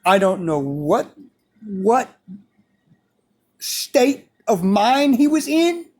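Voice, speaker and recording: A man's voice: high voice, very slow. A man telling a story in a casual, profane way, repeating phrases as he goes. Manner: animated, profane, repeats himself.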